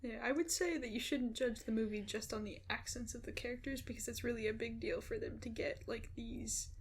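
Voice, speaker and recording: A woman's voice: a little high, fairly even intonation, brisk, a little hiss or hum. A young woman co-hosting a podcast in casual chat, joking and laughing often as she reads reviews aloud. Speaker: podcast co-host.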